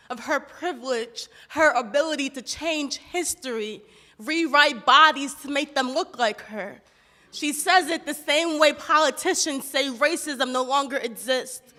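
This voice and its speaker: A woman's voice: sits high, bright, forceful tone, long reverb tail. A woman performing a spoken word poem with a rhythmic, impassioned delivery full of rhetorical questions.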